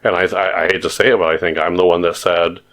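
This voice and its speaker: A man's voice: low-pitched, little pitch movement, fast, fairly bright tone. A man co-hosting a podcast, telling stories in a rambling, hesitant casual chat. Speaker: podcast co-host.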